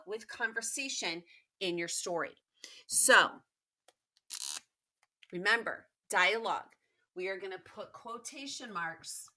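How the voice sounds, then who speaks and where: A woman's voice: medium pitch, pushed and bright. A woman teacher giving a recorded remote lesson to pupils, emphatic and encouraging, repeating key points.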